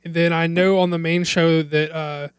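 A man in his thirties with a fairly high, smooth voice talks over wrestling in loose, rambling chat. He swears freely and keeps restarting his sentences, and the sound is dry and close. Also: little pitch movement, normal speed, no room sound. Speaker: podcast co-host.

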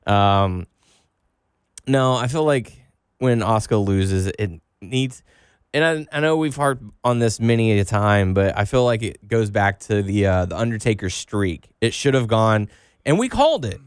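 A man's voice: fairly low pitch, expressive, a little slow, smooth, no echo, studio quality. A man co-hosting a casual wrestling podcast, recapping matches with lots of ums and playful quotes. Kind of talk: casual chat.

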